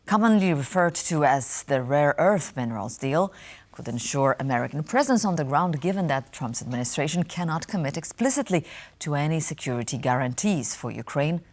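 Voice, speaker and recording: Low-voiced woman news anchor. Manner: measured, scripted delivery. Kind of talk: broadcast interview.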